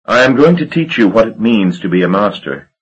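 A man's voice: fairly low pitch, big pitch swings, fairly quick, husky, dull audio, voice pushed up, heavily acted. A man voicing a silky, mocking vampire lord. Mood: menacing. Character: cruel, languid ancient male vampire lord.

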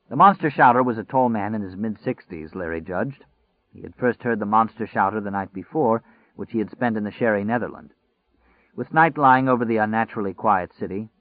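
A man narrating an audiobook in a measured, deliberate reading. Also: fairly low pitch, no room sound. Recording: dry, phone-like narrow sound.

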